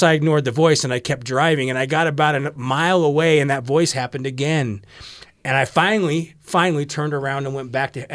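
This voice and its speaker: A man's voice: medium pitch, dry recording, studio quality. Man telling a faith anecdote. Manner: conversational, anecdotal. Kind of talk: reflective faith discussion.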